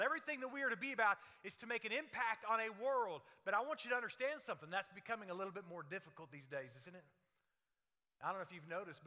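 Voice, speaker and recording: A man preaching a sermon as pastor, telling stories with jokes and dropping his voice low for dramatic effect. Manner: animated storytelling with jokes, dramatic drops in volume. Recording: long hall reverb.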